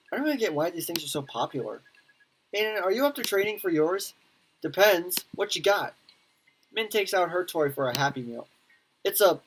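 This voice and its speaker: Woman, let's play, reading game lines in voices, low voice, lively pitch, faint noise. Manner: reads lines in many voices, quick reactions and laughs. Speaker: gaming YouTuber.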